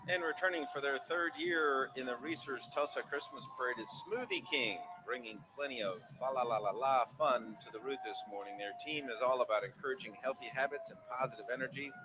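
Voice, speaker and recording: A man's voice: medium pitch, fairly quick, few pauses, noisy background. A man co-hosting live commentary at an outdoor holiday parade, reading upbeat scripted introductions. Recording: outdoor broadcast with band music behind.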